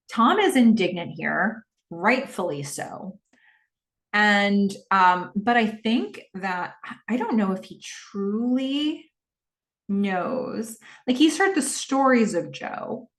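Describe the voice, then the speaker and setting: A woman's voice: mid-range voice, very animated, takes it slowly. A woman hosting a podcast, casually recapping a TV episode and acting out the characters' lines. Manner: chatty, acts out lines of dialogue. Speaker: podcast host. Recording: echoey room, distant mic.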